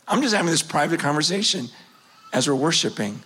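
This is a high-pitched male preacher in his fifties, delivering a sermon as a story from his own life. He pushes hard with passion, then drops to a near-hush, and his voice keeps rising and falling. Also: lively intonation, brisk, breathy edge. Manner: impassioned, swinging between loud urgency and hushed quiet.

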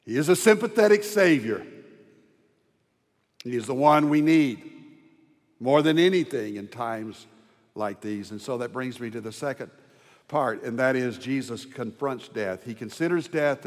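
Slow, reverberant male preacher. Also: animated. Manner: swings from hushed tender lows to loud ringing proclamation. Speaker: pastor. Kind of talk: sermon. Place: large church sanctuary. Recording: long hall reverb.

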